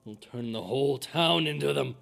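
A man voicing a panicky elderly male villager who shouts in a high, frantic rush. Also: normal speed, creaky, soft background music. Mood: fearful.

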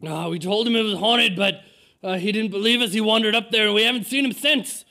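A man voicing a panicky elderly male villager who shouts in a high, frantic rush. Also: animated, unhurried, vocal fry. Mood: fearful.

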